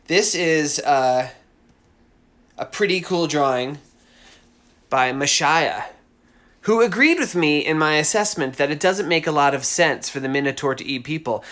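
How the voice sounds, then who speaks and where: A man with a slightly high voice chats casually from home while he hosts a live drawing stream. He talks in a rambling, enthusiastic way, full of asides and quick tangents. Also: a bit bright. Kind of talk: casual livestream chat.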